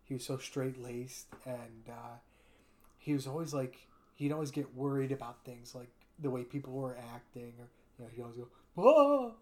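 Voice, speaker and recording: A man's voice: mid-range voice, little pitch movement, moderate pace, dark tone. A man hosting a casual podcast chat, retelling cartoon scenes and putting on a voice for each character. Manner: fond of doing impressions. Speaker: podcast host.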